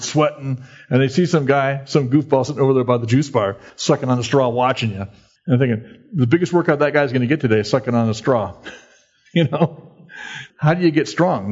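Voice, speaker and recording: A man's voice: mid-range voice, a little mellow, muffled recording. A man preaching a sermon in a conversational, folksy way, acting out quoted voices by raising his voice. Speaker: pastor.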